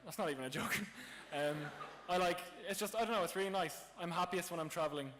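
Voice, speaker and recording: A man's voice: high voice, fast, a bit bright, slight background noise. An Irish man answering questions as a panelist at a live convention panel, eager and joking. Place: large convention hall. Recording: reverberant convention hall.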